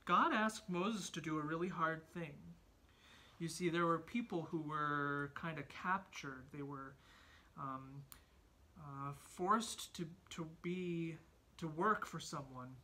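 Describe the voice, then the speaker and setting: Husky-voiced woman teaching kids at home. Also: sits low, slow pace. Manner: gentle, encouraging, talks to children. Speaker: Sunday school teacher, parent. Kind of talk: home Sunday school lesson and storybook reading. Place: family home.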